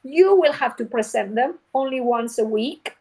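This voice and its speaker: A woman phonics teacher trainer, a guest on a show, explaining her methods in a lively way and acting out classroom scenes. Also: on the high side, moderate pace, slightly rough, low-quality recording. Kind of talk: animated teaching talk.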